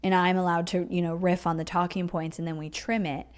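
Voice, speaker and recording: A woman's voice: on the low side, level tone, fairly quick, clean tone. A woman hosting her podcast, riffing off the cuff in an emphatic, chatty teaching tone full of "like" and "you know". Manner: chatty, riffs off the cuff with many likes and you-knows. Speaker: podcast host. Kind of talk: casual solo podcast talk.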